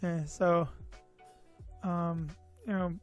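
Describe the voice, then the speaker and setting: A vlogger tells a personal story, tired and a bit loopy, meandering with lots of "you know" and "uh" and poking fun at himself. His voice is a little high, with little pitch movement and drawn-out words, over faint background music.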